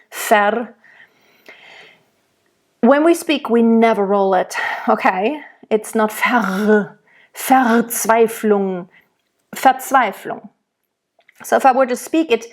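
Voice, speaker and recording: Slow, patient woman voice teacher. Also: medium pitch. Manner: explains patiently, then demonstrates each word aloud; rolls and stresses German consonants in her demonstrations. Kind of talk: diction lesson for singers.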